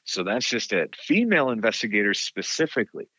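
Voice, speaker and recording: A low-voiced man tells ghost stories with lively, swinging delivery and a bright edge. The sound is dry and a bit dull, as if recorded on modest gear. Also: fairly quick, breathy edge, dry recording. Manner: animated storyteller, laughs often. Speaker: caretaker of a haunted site. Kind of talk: casual interview chat.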